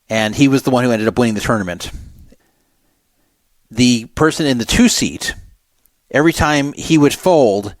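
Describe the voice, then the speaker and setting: A man hosts a talk radio show, stopping to recap a story for his listeners in a plain, explanatory way. His voice sits at an average pitch and sounds dry and close, with no room around it. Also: no echo.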